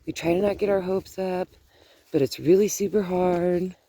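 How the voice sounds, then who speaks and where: Her voice is lowish, mellow and steady, moving at a moderate pace. This grandmother vlogs outdoors in a casual chat, recounting a family story sprinkled with laughter and side comments.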